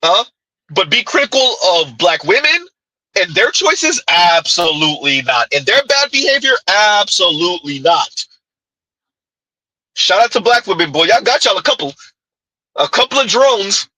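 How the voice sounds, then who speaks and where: High, husky man ranting in commentary. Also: sing-song, measured pace, sharp tone, no room sound, rough recording. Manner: heated, mocking, full of rhetorical questions. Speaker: commentator reacting to a clip. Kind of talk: reaction commentary.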